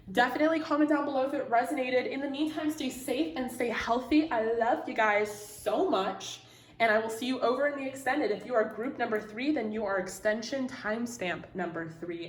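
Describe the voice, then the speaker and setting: A young woman giving a casual, emotional tarot reading to her viewers, gushing and swearing freely, with lots of "like" fillers. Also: medium pitch. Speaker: tarot reader. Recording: roomy echo.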